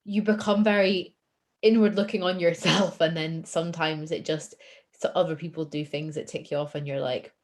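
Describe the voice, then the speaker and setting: A woman's voice: deep voice, steady tone, normal speed. A woman guest on a podcast, talking openly and self-deprecatingly and laughing easily. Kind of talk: casual chat.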